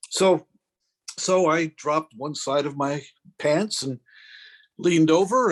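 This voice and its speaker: Casting note: middle-aged man, higher-pitched, chatty and self-deprecating, a podcast co-host who acts out the people in his stories. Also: normal speed. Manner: anecdotal, self-deprecating, acts out quoted voices. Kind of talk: casual storytelling.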